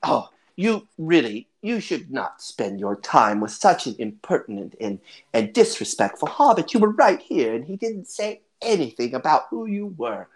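A game master voicing a chatty, fussy old grandmother hobbit woman in a high sing-song voice. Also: big pitch swings, normal speed. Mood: scolding.

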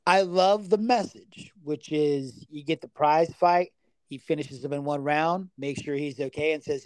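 A man's voice: on the high side, unhurried, a little mellow, clean tone, no room sound. A man co-hosting a casual sports betting podcast, talking loosely, swearing freely and stumbling over fighters' names. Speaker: podcast co-host.

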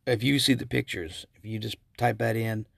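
A male podcast host with a low, gravelly voice and a husky edge. He rambles through stories in casual chat, correcting himself and chuckling as he goes. The sound is dry and close, like a home mic with no room behind it. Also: steady tone, normal speed, fairly bright tone, dry recording. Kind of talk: casual solo podcast commentary.

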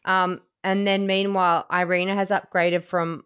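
A woman's voice: fairly low pitch, little pitch movement, normal speed, hardly any pauses, a bit bright, clean tone. A woman hosting a casual chat podcast, sarcastic and swearing freely, mocking people in silly quoted voices. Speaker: podcast host.

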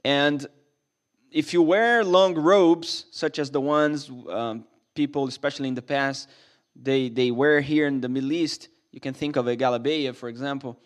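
A man's voice: medium pitch, fairly even intonation, moderate pace. A man preaching a sermon as a pastor in a church, earnest and emphatic, often restarting his sentences.

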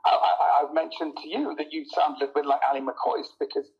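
A man talks in a casual interview chat as a comedian guest, his voice sitting a little high. He tells stories with animation, laughs often and stumbles over repeated words as he starts sentences. The sound is dull and lo-fi. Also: animated, fairly quick, vocal fry.

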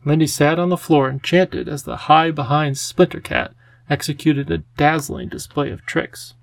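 A man reading a children's storybook aloud in a gentle, even storytelling manner. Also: fairly high pitch, moderate pace, gravelly, dry recording. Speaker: audiobook narrator. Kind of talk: scripted storybook narration.

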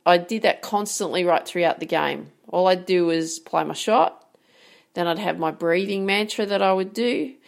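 A woman's voice: lowish voice, creaky. A woman, talking straight to her audience as a sports mindset coach, earnest and emphatic, with frequent rhetorical questions. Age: 40s. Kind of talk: direct-to-camera coaching talk.

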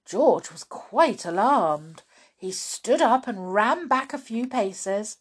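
A woman reading a children's storybook aloud with expressive, dramatic narration. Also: mid-range voice, slow, slightly rough. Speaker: storybook reader.

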